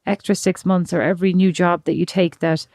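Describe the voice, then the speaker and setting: A woman's voice: fairly low pitch, little pitch movement, brisk, darkish tone, no room sound, studio quality. Teasing Irish woman podcast co-host. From Ireland. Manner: reflective, teasing. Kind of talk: casual chat.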